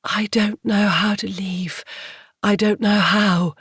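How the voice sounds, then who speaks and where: A woman voicing a frightened young noblewoman who speaks in a hushed, pleading way. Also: lowish voice, steady tone, slow pace, slightly rough, no echo, studio quality.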